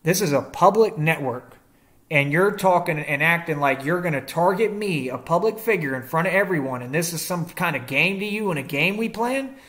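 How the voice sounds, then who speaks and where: A man's voice: fairly high pitch, expressive, normal speed, fairly bright tone. A young man in a confrontational rant to the camera, defiant and combative, using slangy street talk and rhetorical questions. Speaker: vlogger.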